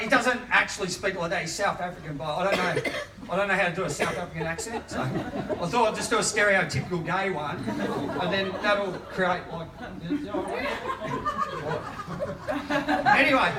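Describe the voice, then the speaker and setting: A man in his late forties doing a stand-up comedy set, self-deprecating and often laughing mid-line. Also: high-pitched. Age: late 40s. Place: small live comedy venue. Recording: echoey, distant, noisy room recording.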